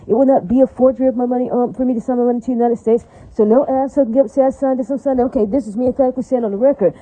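A woman's voice: high-pitched, dark tone, no room sound. A woman delivering an angry, repetitive, profane rant to her viewers in a vlog. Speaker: vlogger. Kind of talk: ranting vlog monologue. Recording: dull lo-fi recording.

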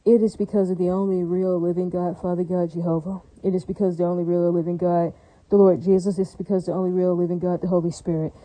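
Fairly low-pitched, fast and mellow, this woman talks with a flat delivery in a low-quality recording with no room sound. Her direct-to-camera monologue rambles and repeats, emphatic and heavy with fillers and religious exclamations.

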